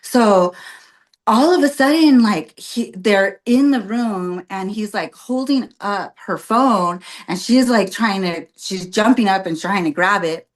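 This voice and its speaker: A woman in her thirties, a podcast guest, telling a personal story in a casual, animated way, full of "like" and "um", often laughing and getting emotional. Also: medium pitch, measured pace. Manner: animated, heavy on fillers like "like" and "um". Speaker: podcast guest, birth worker.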